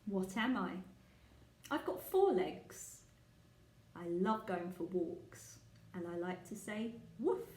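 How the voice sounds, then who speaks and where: A woman's voice: mid-range voice, expressive, slow, long pauses, darkish tone, a little hiss or hum. A woman leading a guessing game for young children, speaking patiently and asking the listener questions. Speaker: children's teacher. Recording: echoey room.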